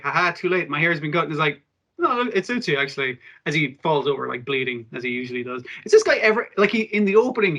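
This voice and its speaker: Bright, excitable man in casual chat. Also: fairly high pitch, lo-fi sound. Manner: excitable, swearing, acting out scenes. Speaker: podcast co-host. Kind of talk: casual chat about anime.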